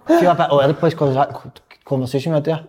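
Scottish panelist, high voice, passionate and halting. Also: male voice, steady tone, darkish tone. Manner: halting, passionate, restarts often. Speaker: podcast panelist. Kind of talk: casual football chat.

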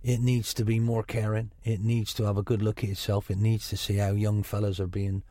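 A man's voice: fairly low pitch, little pitch movement, a little fast, dark tone, no echo, clean studio sound. A middle-aged football manager with a Gloucestershire burr, talking frankly in a radio interview, often restarting his sentences. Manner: frank, chatty, many restarts.

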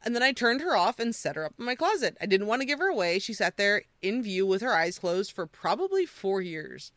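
A woman hosting a podcast, chatting casually and reading creepy stories aloud with animated quoting. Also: mid-range voice, brisk, no echo, studio quality. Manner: animated storyteller, quoting with voices. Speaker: podcast host.

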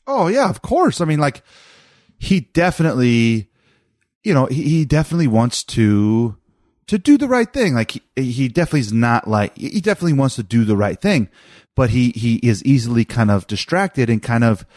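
A man in his thirties, a father telling a family story, chats casually about his son. His mid-range voice is very animated and a little mellow at a moderate pace, rambling with many restarts and fillers, recorded in a clean studio with no room sound.

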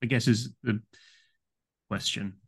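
A man's voice: fairly low pitch, steady tone, slow pace, fairly bright tone, husky. Hesitant male podcast host. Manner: hesitant questions with fillers and restarts. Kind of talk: casual interview.

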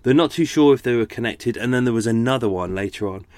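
At home indoors, a weary middle-aged man hosts a podcast in loose, rambling conversation, often correcting himself. His medium-pitched voice is darkish and quick-paced, recorded with no echo.

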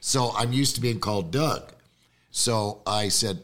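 A man's voice: lowish voice, unhurried, fairly bright tone. A man guest telling a story in a casual, rambling way, jumping back and forth in time.

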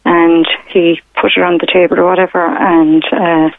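A middle-aged woman calls in over a tinny, narrow phone line. She tells her story haltingly, leaning on fillers and retold quotes, and the line sounds dry and close. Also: lowish voice, little pitch movement, dry recording. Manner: rambling, hesitant, many fillers and retold quotes. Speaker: caller. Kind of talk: telling a personal story on a radio phone-in. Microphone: telephone.

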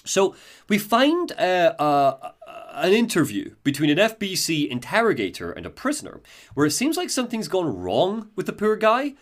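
Podcast host, male, enthusiastic lore recap, animated intonation. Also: high voice, moderate pace. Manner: enthusiastic, laughs easily. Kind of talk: casual chat, game lore recap.

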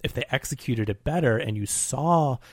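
A man's voice: medium pitch, moderate pace, slightly rough, dry recording. Rambling man in a dry film chat. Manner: rambling, animated, self-correcting. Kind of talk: casual film discussion.

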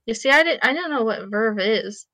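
A woman's voice: fairly high pitch, animated, moderate pace, a bit bright, no room sound. A woman guest on a podcast, chatting casually in a playful, teasing way and laughing often. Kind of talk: casual chat.

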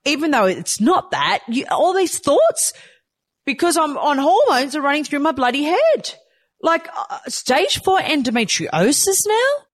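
A woman in her thirties telling her own story candidly, swinging between quiet, low moments and excited outbursts, with some swearing. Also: no echo. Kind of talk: personal storytelling to camera.

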